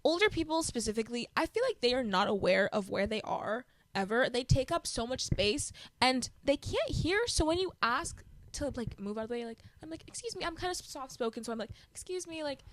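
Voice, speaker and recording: A young adult woman co-hosting a podcast, chatting casually and telling animated stories with frequent laughter. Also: on the high side, a little fast, no room sound. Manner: animated storytelling, laughing often. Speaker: podcast co-host. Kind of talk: casual chat.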